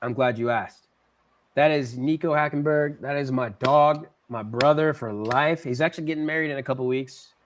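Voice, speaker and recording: A man's voice: mid-range voice, moderate pace, a little hiss or hum. A man guest on a podcast, telling a story in casual, slangy talk and acting out what people said. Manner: animated, slangy storyteller who acts out quotes.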